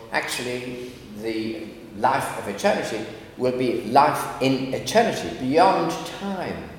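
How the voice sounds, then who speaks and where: A man, a philosopher, giving a lively, wry lecture full of asides. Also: mid-range voice. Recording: echoey lecture hall with faint background noise.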